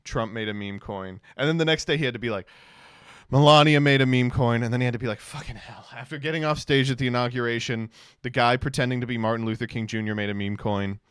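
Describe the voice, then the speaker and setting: A man's voice: medium pitch, fast, fairly bright tone, clear, resonant tone, no echo, clean studio sound. A man streaming casual commentary, sarcastic and fond of mocking impressions.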